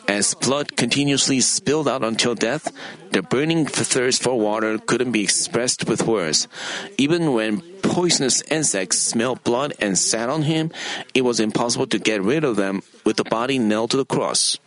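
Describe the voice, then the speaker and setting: A man preaching an earnest sermon in a measured way, quoting scripture to his congregation. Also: medium pitch, lively intonation, a bit bright, poor audio.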